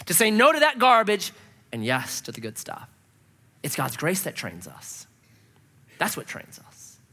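A man's voice: fairly high pitch, slow, pauses often. A man preaching a sermon, acting out scenes as he tells a story. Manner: animated storytelling, acts out scenes in voices. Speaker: pastor.

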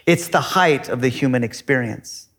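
A mid-range male voice at a moderate pace delivers a pastor's sermon with big-room sound. Rhetorical questions go out to the congregation as he alternates between forceful emphasis and soft asides.

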